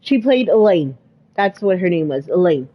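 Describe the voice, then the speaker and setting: A woman's voice: fairly low pitch, very animated, normal speed, dull audio, slight background noise. A woman co-hosting a podcast, chatting casually and retelling movie scenes with exclamations and fillers. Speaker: podcast co-host. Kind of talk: casual chat.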